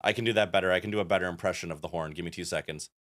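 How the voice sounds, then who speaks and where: A man streams a game, giving casual commentary as he chats playfully with viewers and reads the game's text aloud. His voice sits low with a fairly bright tone and a racing pace, and faint game music plays in the background.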